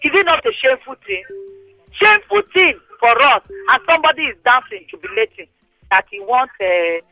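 A woman radio phone-in host speaking Nigerian Pidgin, giving animated, scolding commentary on air. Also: high-pitched, a little fast, dry recording, soft background music, low-quality recording. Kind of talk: casual radio phone-in chat.

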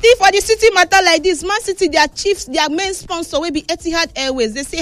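A woman with a Nigerian Pidgin accent presenting football news, animated and emphatic, retelling quotes in a casual way. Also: high-pitched, fairly quick, few pauses, no echo. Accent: Nigerian Pidgin English.

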